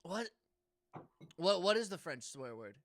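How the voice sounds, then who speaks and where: A man's voice: high-pitched, big pitch swings, measured pace, no echo, studio quality. A young man co-hosting a casual comedy podcast, rambling and stammering through restarts. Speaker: podcast co-host.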